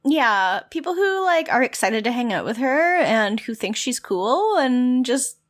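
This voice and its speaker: A woman co-hosting a casual podcast recap with a fairly high, lively voice that swoops around as she talks. She keeps slipping into playful put-on voices to quote the characters. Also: measured pace. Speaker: podcast co-host. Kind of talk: casual chat recapping a TV episode.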